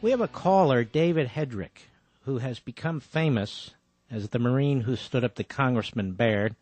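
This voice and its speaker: A man's voice: mid-range voice, normal speed, darkish tone, faint music behind. A man hosting a talk radio show, speaking emphatically and interjecting often.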